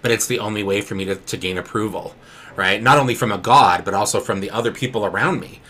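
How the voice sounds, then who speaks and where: A man's voice: fairly low pitch, fast, bright, forceful tone, slightly rough. A man co-hosting a podcast in casual conversation, rambling with restarts and frequent "right?" tags. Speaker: podcast co-host.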